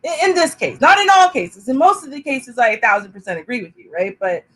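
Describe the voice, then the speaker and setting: A woman co-hosts a casual reaction show, chatty and reasoning through each point out loud. Her voice sits a little high and has a slight huskiness. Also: lively intonation, a little fast, poor audio. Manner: chatty, reasoning aloud, laughs often.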